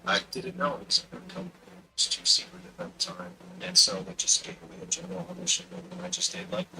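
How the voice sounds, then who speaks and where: A man tells a casual story from his voice-acting work, acting out the other people's lines as he goes. His voice sits a touch high for a man. A steady hiss of noise runs under the recording. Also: a little fast, creaky. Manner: lively storyteller, acts out quoted dialogue. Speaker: voice actor. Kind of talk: casual anecdote.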